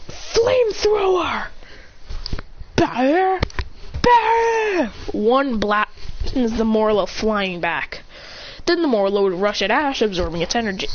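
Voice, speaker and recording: A high-voiced woman narrates a homemade adventure tale, rambling and restarting her sentences. Her pitch rises and falls a lot. The recording is a little muffled, with faint hiss underneath. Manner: rambling, self-correcting, breathless. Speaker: storyteller. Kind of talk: improvised fan story narration.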